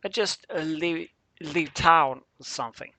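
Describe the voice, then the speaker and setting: A man's voice: a little high, unhurried, sharp tone, no room sound. A man voicing a friendly young female bat pony in a fan fiction reading, hesitant and uh-filled. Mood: worried.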